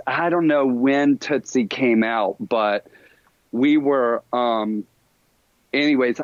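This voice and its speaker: A middle-aged man, a podcast guest, telling animated stories in a casual interview and laughing often. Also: medium pitch, dry recording. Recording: dull lo-fi sound, dry.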